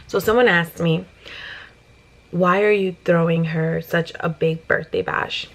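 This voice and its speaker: A young woman from New Jersey, a mother vlogging to her viewers in a casual, emotional and excited way. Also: mid-range voice, unhurried, poor audio. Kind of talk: casual personal vlog.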